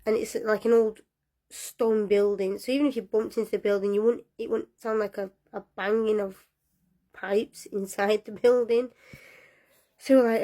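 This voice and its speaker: A young woman telling a personal story in a casual, lively way, often breaking into laughter. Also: a little high, normal speed.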